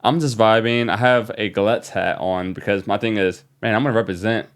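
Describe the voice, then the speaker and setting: A man from New Orleans, a young adult, guest on a podcast, telling an excited story with many fillers. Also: fairly low pitch, brisk, clear, resonant tone. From New Orleans, USA. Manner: animated, excited retelling with fillers. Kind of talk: casual storytelling.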